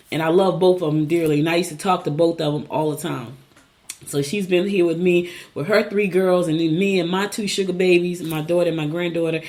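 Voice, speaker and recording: A middle-aged woman from Newark, New Jersey hosts a casual talk show. Her voice sits a little low, and she chats with her viewers in a personal, storytelling way. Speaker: host.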